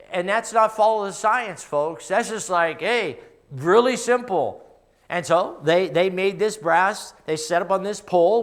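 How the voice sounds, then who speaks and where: A middle-aged man with a Midwestern American accent preaching a sermon in a church, telling stories in a conversational way and dropping to a hush for personal moments. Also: sits high. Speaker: pastor. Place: church sanctuary.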